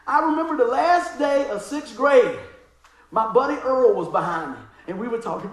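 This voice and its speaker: A middle-aged male pastor with a high voice tells a comic story from the pulpit, laughing as he goes and then sinking into hushed asides. His voice carries through a roomy, echoing hall. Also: moderate pace. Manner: animated, laughing storyteller who drops to quiet asides. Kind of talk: sermon with humorous storytelling.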